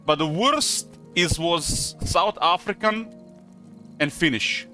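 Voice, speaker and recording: A man's voice: a little high, slow, sharp tone, soft background music. A man from Croatia with a Croatian accent, speaking English as a second language, chatting casually on a live stream and rambling with lots of hesitant fillers. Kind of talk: casual chat while gaming.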